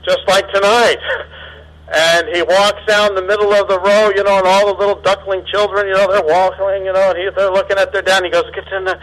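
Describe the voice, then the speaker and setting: A man's voice: high voice, level tone, a little fast, a bit bright, rough recording. A man giving a sermon as a circuit overseer, asking his audience questions and chuckling often. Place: meeting hall before an audience.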